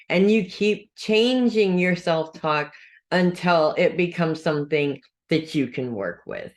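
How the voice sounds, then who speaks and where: A woman's voice: fairly low pitch, lively intonation, measured pace. A woman reading weekly horoscopes in a casual, chatty way. She talks straight to her viewers and corrects herself as she goes. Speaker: astrology reader.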